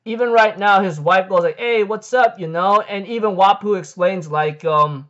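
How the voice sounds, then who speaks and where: A man's voice: sits high, normal speed, fairly bright tone, highs cut off. A man giving a casual, rambling recap of a manga chapter, full of "like, um" fillers and casual swearing. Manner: rambling, heavy on "like, um" fillers and "freaking".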